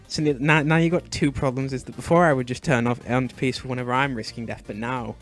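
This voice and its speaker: A young man hosting a gaming video, chatting casually as he plays and fussing anxiously, with sudden high shrieks of alarm. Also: fairly even intonation, fairly quick, soft background music. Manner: chatty, fretful and doting, often bursting into high shrieks. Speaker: gaming channel host. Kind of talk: Minecraft let's play commentary.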